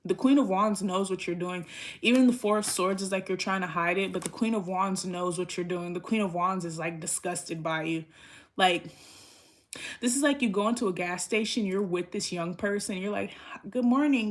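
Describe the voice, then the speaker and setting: A woman's voice: lowish voice, normal speed. A woman giving a casual tarot reading in a blunt, rambling way, swearing freely. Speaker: tarot reader.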